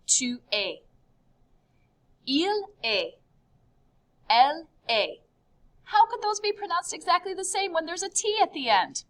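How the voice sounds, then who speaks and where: A woman teaching a beginner French class in an upbeat video lesson, spelling out each form with clear, careful enunciation. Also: extremely high pitch, big pitch swings, measured pace, pauses often.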